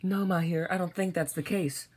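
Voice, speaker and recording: A woman's voice: fairly low pitch, fairly even intonation, moderate pace, darkish tone, husky. Woman voicing a fretting mother bird. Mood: worried. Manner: anxious, fretting.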